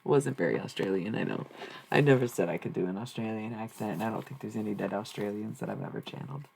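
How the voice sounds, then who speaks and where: A streamer talking to chat in a loose, rambling way, with swearing thrown in. The voice sits at a middle pitch with a gravelly, fried edge. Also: fast, a little mellow, a little hiss or hum, rough recording. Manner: rambling, profane, talks back to chat. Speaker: live streamer. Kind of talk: casual live-stream chat.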